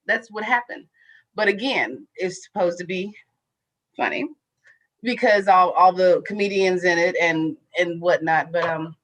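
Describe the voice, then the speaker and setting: A woman chatting as a guest on a talk show, laughing often and acting out quoted lines in a flat voice. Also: on the low side, rough recording. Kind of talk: casual chat.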